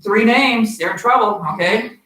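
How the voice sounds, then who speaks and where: Teaching an online manners class for kids, a martial arts instructor leads call-and-response in an upbeat, encouraging way. His high voice moves at a moderate pace, recorded far from the mic in an echoey hall with a crowd in the background.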